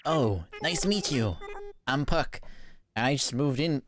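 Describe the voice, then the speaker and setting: A man's voice: medium pitch, animated, unhurried, pitched above the performer's own voice, lightly acted. A man voicing a cheerful young male villager who has just moved in, greeting eagerly. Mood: friendly.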